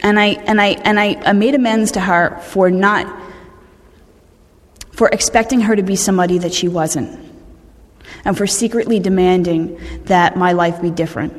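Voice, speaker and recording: A woman's voice: mid-range voice, steady tone, moderate pace, pauses often. Earnest woman telling her story in a hall. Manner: earnest, candid, conversational with restarts. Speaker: speaker sharing a recovery story. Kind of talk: personal testimony talk. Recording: long reverb of a large hall.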